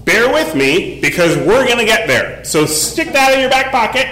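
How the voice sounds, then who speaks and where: Speaking at a moderate pace with big pitch swings, a male pastor in his forties delivers a casual, story-driven sermon full of fillers. His voice is medium in pitch and a bit bright, recorded in an echoey room.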